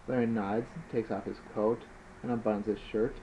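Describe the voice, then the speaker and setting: A man's voice: lowish voice, little pitch movement, moderate pace. Man reading a story on a dull lo-fi recording. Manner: plain reading with occasional slips. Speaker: author reading his own book. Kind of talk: amateur audiobook narration. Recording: dull lo-fi with faint hiss.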